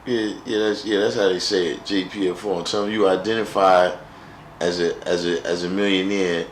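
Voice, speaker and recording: A man's voice: low-pitched, little pitch movement, moderate pace, echoey room, a little hiss or hum, low-quality recording. A man hosting a live stream, chatting casually with viewers in a wry, joking way and often repeating himself.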